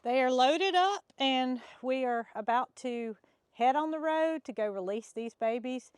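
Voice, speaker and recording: A woman's voice: high voice, unhurried, clean tone, no echo. Folksy woman vlogging on a farm. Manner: folksy, coaxing animals with a soft repeated call. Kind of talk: casual chat and narration. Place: outdoors on a farm.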